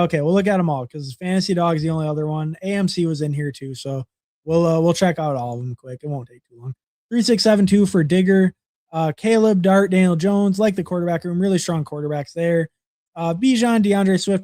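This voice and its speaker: Hosting a livestream, a young man with a high but dark-toned voice casually goes over fantasy football draft picks, rambling with lots of fillers and repeated words. The audio is studio quality with no room sound.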